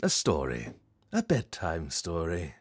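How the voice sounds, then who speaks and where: A man voicing a vain, sinister male dark-elf storyteller, slow, theatrical and mocking. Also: low voice, huge pitch swings, breathy edge, full character voice. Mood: mock-grand.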